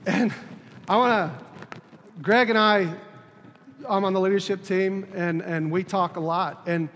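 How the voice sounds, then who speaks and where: A man in his thirties giving a personal testimony from the pulpit, halting and earnest, repeating words and restarting as he goes. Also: high voice, fairly even intonation, a bit bright. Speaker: preacher on a church leadership team. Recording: long reverb, faint room noise.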